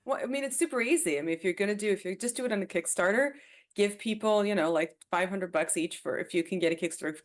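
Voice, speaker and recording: Teasing, lively woman author. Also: mid-range voice, fast talker. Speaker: author, podcast guest. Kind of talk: casual chat.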